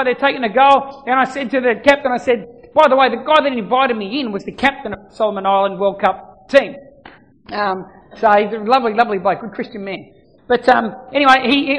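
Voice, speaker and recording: A man preaching a sermon, telling a personal story with lively exclamations before leading a prayer. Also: extremely high pitch. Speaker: pastor. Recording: long hall reverb.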